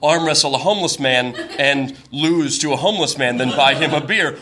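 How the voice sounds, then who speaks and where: A man's voice: a little high, a little fast, hardly any pauses, noisy background. A man telling a comic personal story in a wry, self-mocking way, laughing at his own lines.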